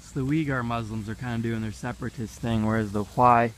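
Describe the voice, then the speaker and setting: American man, casual walking commentary, mid-pitched voice, faint outdoor noise and animals behind. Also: steady tone, brisk. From United States. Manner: rambling, offhand, jokey asides. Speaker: travel vlogger. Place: outdoor park with animal pens.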